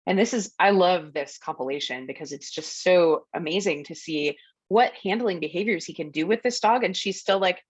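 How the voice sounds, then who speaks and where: Casting: relaxed woman workshop presenter, slightly low voice, dull lo-fi webinar audio. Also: moderate pace, slightly rough, no room sound. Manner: friendly, explanatory, narrates clips with ums and laughs. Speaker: dog trainer presenting a workshop. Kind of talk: educational webinar talk over video clips.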